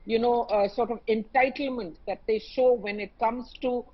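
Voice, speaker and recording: Woman, Indian English accent, high voice, husky, impassioned debate panelist, muffled broadcast sound. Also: steady tone, moderate pace. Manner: impassioned, emphatic, with many fillers. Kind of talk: televised debate. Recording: slightly muffled broadcast audio.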